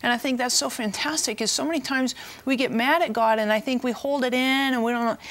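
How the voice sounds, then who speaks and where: A woman co-hosting a Christian talk show, making a warm pastoral appeal to viewers. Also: sits high, steady tone, brisk, slight background noise.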